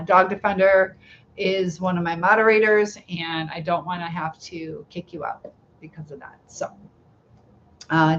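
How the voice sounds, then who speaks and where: A woman's voice: lowish voice, muffled recording. A middle-aged woman hosting a casual live stream, chatting, laughing often and reading viewer comments aloud.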